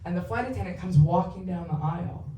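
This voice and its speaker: A woman's voice: lowish voice, fast talker, lo-fi sound, a little hiss or hum. A woman in her thirties performing a candid, profane stand-up set, telling personal stories in a confessional way. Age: 30s. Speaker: stand-up comedian. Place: theatre stage. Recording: roomy, distant live theatre recording.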